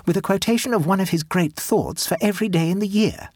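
A man's voice: sits high, quick pace, darkish tone, no room sound, pitched above the performer's own voice. A man reading aloud and voicing a weary, sardonic Edwardian society wife, in a raised voice with tired defiance and dry wit. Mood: wearily defiant.

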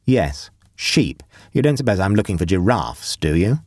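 A man voicing a mischievous young gentleman prankster with a breezy, teasing manner. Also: low-pitched, very animated, moderate pace, no echo, studio quality. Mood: brusque, teasing.

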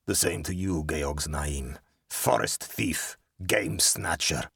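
A man's voice: very deep voice, slow, creaky, a bit bright, breathy edge, dry recording, clean studio sound, pitched below the performer's own voice, heavily acted. A man voicing a proud, fierce landowner who answers his enemy in a stern, clipped way.

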